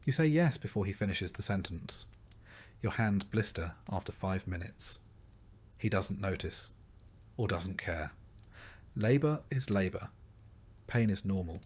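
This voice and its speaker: Calm low-voiced man narrating a sleep story. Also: breathy edge. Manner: slow, soft and calm.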